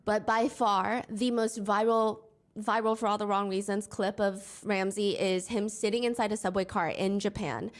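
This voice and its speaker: A woman's voice: medium pitch, steady tone, normal speed. A woman narrating a storytime commentary in a conversational, wry way. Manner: reenacts quotes in a raised, mocking voice. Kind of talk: storytime commentary with quoted clips.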